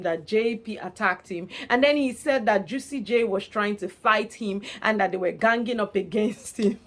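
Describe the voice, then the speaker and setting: Animated woman vlogger recapping reality TV drama. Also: mid-range voice. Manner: animated and expressive, laughing often. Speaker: reality show commentator. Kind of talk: casual gossipy recap vlog.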